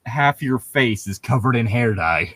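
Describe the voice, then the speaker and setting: A man's voice: medium pitch, lively intonation, unhurried, fairly bright tone, no echo. A young man co-hosting a casual podcast chat, rambling with lots of fillers and laughing often. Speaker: podcast co-host.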